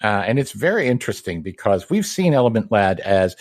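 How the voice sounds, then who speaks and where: A man with a lively, swooping voice, chatting enthusiastically as a podcast co-host. He explains comic book trivia eagerly. His voice is dry and close to the mic. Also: lowish voice, fairly quick, no echo. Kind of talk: casual comic-book chat.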